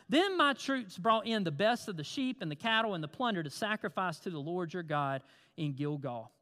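A man's voice: high voice, animated, normal speed, fairly bright tone. A man preaching a sermon in a conversational way, asking the congregation questions and reading scripture aloud. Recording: long hall reverb.

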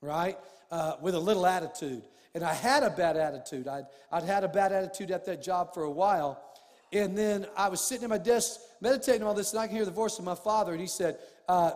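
Male pastor preaching, high voice, big echoey church hall, gets loud and emphatic. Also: fairly quick. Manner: storytelling preacher, rising to emphatic shouts. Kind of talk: sermon. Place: church sanctuary. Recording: long reverb of a church hall.

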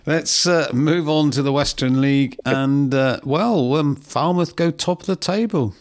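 A man's voice: fairly high pitch, measured pace, no echo, studio quality. A man hosting a local football podcast, keeping his turns short and moving the talk along. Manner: brief, steering questions. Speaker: podcast host. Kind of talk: casual football chat.

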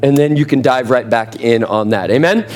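A man preaching a sermon to a live congregation, energetic and calling for responses. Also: medium pitch, moderate pace. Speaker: pastor. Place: church sanctuary with congregation.

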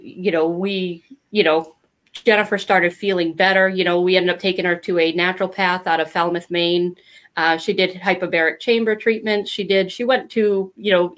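Candid middle-aged woman telling her story. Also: fairly low pitch. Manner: candid, rambling, animated when quoting others. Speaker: interview guest. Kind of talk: casual storytelling.

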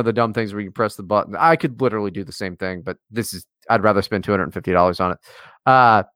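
A man's voice: on the low side, fairly bright tone, smooth, no echo, clean studio sound. A man co-hosting a podcast in casual banter, teasing and swearing as he rambles. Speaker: podcast co-host.

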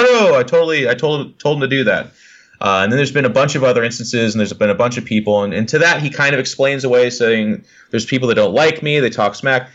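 A man's voice: mid-range voice, fairly bright tone, dull audio. A man talking as a podcast guest, blunt and profane, acting out what other people say. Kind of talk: casual podcast chat.

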